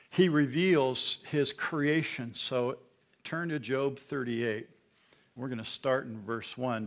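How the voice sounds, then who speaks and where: Expressive male preacher, fairly high voice. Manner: expressive preaching, reads scripture aloud with emphasis. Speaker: pastor. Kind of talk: sermon.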